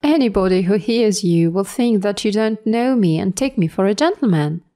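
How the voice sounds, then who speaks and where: A woman reading the lines of a tearful, tipsy working father, in a mellow everyday voice. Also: medium pitch, animated, normal speed, natural voice. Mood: emotional. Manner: emotional, plain-spoken.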